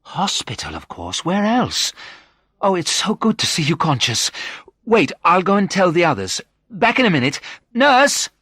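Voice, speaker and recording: A man reading a story aloud and voicing a young woman, an excited and relieved friend who talks in high, eager exclamations. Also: a little slow, slightly rough, no room sound, clean studio sound, heavily acted.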